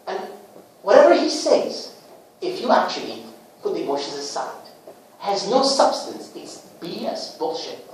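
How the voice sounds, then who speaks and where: A man presenting a book to a small group in a casual talk, with lively rhetorical questions and acted-out little scenes. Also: a little high, unhurried. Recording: echoey room, far from the mic, faint noise.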